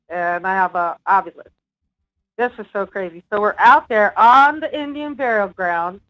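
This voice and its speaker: A woman's voice: fairly high pitch, fairly bright tone. A woman guest telling her own paranormal experiences in an earnest, casual way, with small laughs. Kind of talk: casual interview talk. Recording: dull lo-fi remote audio with faint music.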